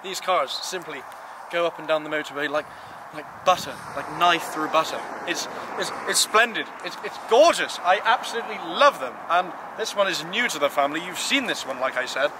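A man with a fairly high voice gives a playful, emphatic car walkaround outdoors. Clear outdoor noise and street sounds run behind his camera-mic recording. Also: normal speed. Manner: playful, emphatic, lively rises on praise. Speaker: car vlogger presenting cars. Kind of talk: casual enthusiastic car walkaround. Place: outdoors beside parked cars.

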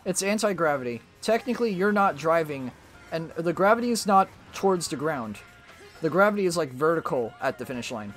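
Lively man streamer explaining things. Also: fairly high pitch, fairly quick, faint music behind. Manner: animated, rambling explanations. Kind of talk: casual chat while gaming.

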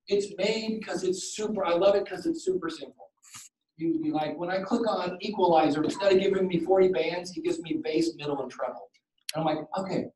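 A man giving a podcasting workshop to a live audience, animated and jokey, acting out quoted exchanges. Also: high voice. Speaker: workshop presenter. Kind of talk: conference talk with slides and Q and A. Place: conference room. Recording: roomy, distant room mic.

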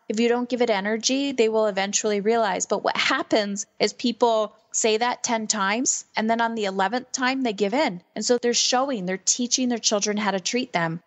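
Woman, middle-aged, parenting coach, animated talker who acts out voices; average pitch. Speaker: podcast host and parenting coach. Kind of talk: casual conversational interview.

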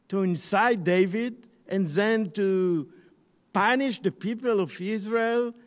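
A man's voice: high-pitched, big-room sound. A man putting on a shocked pious ancient scribe. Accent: Ashkenazi Yiddish.

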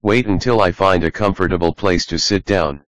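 A man's voice: deep voice, normal speed, fairly bright tone, dry recording. A man reading the part of a teasing, easygoing male skunk who tells stories. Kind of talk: audiobook reading.

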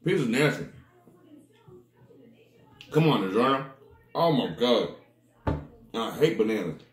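Snack-review vlogger, male, mid-pitched, swooping delivery, big theatrical groans, roomy echo. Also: big pitch swings, unhurried. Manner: dramatic, groaning reactions to the taste; talks straight to viewers as "people". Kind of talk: casual food-tasting vlog talk.

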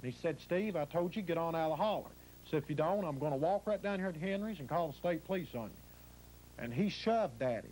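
A man's voice: fairly high pitch, expressive, fast talker, darkish tone, a little hiss or hum, rough recording. A man with an Appalachian accent telling his own story in a rambling way, acting out what others said. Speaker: interviewee. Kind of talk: emotional first-person storytelling.

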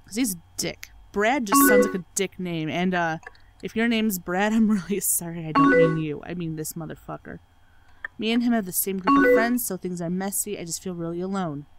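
A woman's voice: fairly low pitch, moderate pace, over loud music, low-quality recording. A woman doing game playthrough commentary, sarcastic and swearing freely as she reads the on-screen chat aloud. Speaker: let's play gamer.

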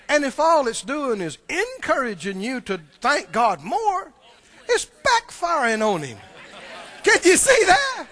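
A man's voice: extremely high pitch, bright, forceful tone. A male preacher giving a sermon, animatedly quizzing the congregation in a church.

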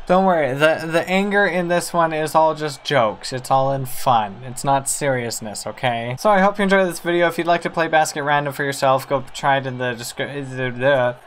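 A man hosting a let's-play, commenting on a basketball game with excitable, playful mock outrage at the other team. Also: a little high, normal speed, few pauses, a little hiss or hum. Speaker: gaming channel host.

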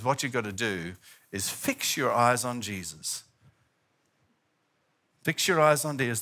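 A middle-aged man preaching a sermon, telling the story with lively animation and acting out the voices he quotes. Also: fairly high pitch. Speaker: pastor.

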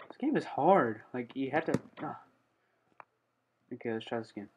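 A man's voice: mid-range voice, animated, normal speed, long pauses, darkish tone, dull audio, a little hiss or hum. A young man giving casual let's-play commentary, often blurting startled "oh"s and humming while he plays. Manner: frequent startled "oh" exclamations while playing; hums "da da da" while concentrating. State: slightly out of breath. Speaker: gaming channel host.

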